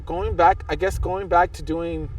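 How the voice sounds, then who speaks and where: A man's voice: sits high, fairly even intonation, a little slow, far from the mic, a little hiss or hum. A man guest on a podcast, telling a long hiking story in a rambling way, with many restarts and fillers. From Southern California. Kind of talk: casual storytelling interview.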